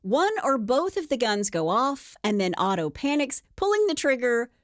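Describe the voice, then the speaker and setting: A woman with a fairly high, lively voice tells a true crime story in a relaxed podcast chat. She slips into playful voices for the people she quotes. The sound is dry and close. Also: moderate pace, dry recording.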